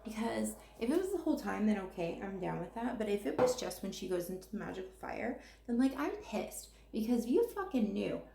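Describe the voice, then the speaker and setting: A woman's voice: mid-range voice, big pitch swings, fairly quick, creaky, hardly any pauses, mellow, roomy sound, a little hiss or hum. A woman chatting casually while doing her makeup, ranting and rambling with plenty of swearing. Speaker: makeup vlogger.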